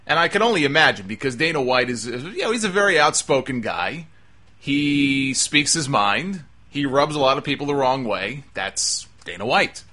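A man's voice: medium pitch, very animated, normal speed, bright, forceful tone. A man hosting a talk show, delivering an emphatic, exasperated opinion monologue. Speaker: wrestling talk show host.

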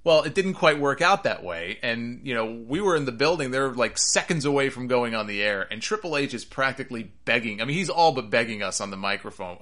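A man's voice: medium pitch, animated, fairly quick, few pauses, fairly bright tone. A man hosting a wrestling podcast, rambling and sarcastic in casual commentary.

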